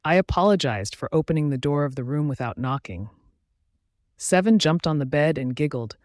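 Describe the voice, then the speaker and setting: A man's voice: a little high, expressive, normal speed, darkish tone, no room sound, studio quality. Earnest male audiobook narrator. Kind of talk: first-person audiobook narration.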